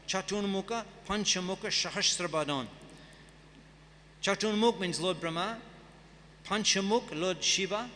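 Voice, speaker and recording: A man's voice: fairly high pitch, pushed and bright, big-room sound, slight background noise. A man giving a scripture class, reading and chanting verses and then explaining them in a conversational way. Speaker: guest speaker at a temple festival. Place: temple hall.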